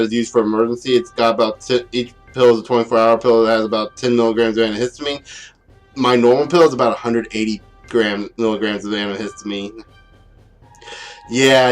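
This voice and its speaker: In a mid-range voice, a man in his twenties rambles through an unscripted review of a game. He laughs often and pokes fun at himself in asides.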